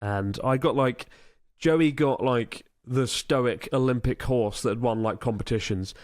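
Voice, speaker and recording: A man in casual podcast chat, spinning anecdotes in a relaxed, rambling way. His voice sits in a middle register. The sound is dry and close, with no room around it. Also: mid-range voice, unhurried, no room sound. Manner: chatty, anecdotal storytelling. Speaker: podcast co-host.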